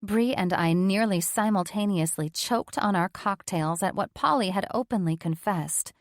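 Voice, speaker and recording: A woman's voice: medium pitch, normal speed, no echo. A woman reading a first-person audiobook in a frank, sardonic, unfiltered way, on a close studio mic. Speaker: audiobook narrator.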